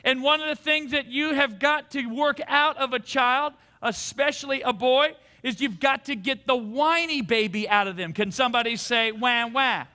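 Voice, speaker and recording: Pastor guy in his 40s preaching hard, real high voice, super bright and sharp. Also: moderate pace, few pauses. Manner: fervent preaching with call-and-response. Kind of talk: sermon. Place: church service.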